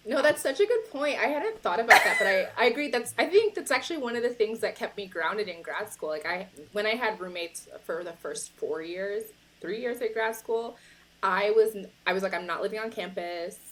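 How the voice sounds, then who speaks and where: A woman's voice: mid-range voice, lively intonation, moderate pace, fairly bright tone, poor audio. A woman hosting a podcast interview over a video call, chatting casually and agreeing often with a laugh. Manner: affirming, frequent laughter. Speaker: podcast host.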